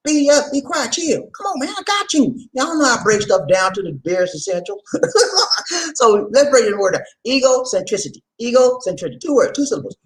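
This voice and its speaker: A man hosting a vlog, talking casually to his viewers in an animated, laughing, rhetorical way, repeating his points often. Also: very high-pitched, brisk, few pauses, low-quality recording. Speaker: vlog host.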